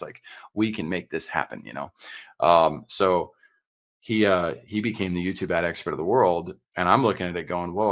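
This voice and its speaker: A man guest on a podcast, telling a business story in an animated way, acting out quoted dialogue with frequent fillers and restarts. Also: deep voice. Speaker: podcast guest, entrepreneur and consultant.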